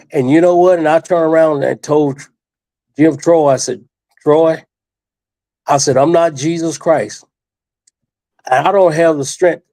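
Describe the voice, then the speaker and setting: Gravelly older man telling a rambling story. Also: a little high, dark tone, no room sound. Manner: rambling and emphatic, with many restarts and repeated phrases. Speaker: interview guest, retired wrestler. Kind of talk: storytelling in a studio interview. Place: studio.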